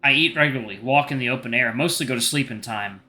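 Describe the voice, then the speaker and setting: A man voicing an anxious, sensitive teenage boy, reading a visual novel aloud in a slightly halting, earnest way. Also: medium pitch, pushed and bright, faint music behind.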